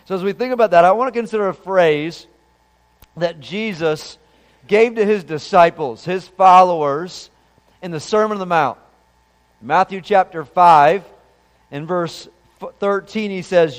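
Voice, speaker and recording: A man's voice: sits high, unhurried, big-room sound. A man preaching a sermon as pastor, talking in a conversational way and asking the congregation questions. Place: church sanctuary.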